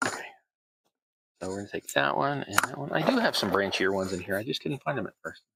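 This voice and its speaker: Middle-aged man, Southern American accent, low gravelly voice, rambling crafting tutorial. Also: lively intonation, fast, very noisy. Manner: rambling, self-deprecating asides. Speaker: host, terrain crafter. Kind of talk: casual hobby crafting tutorial.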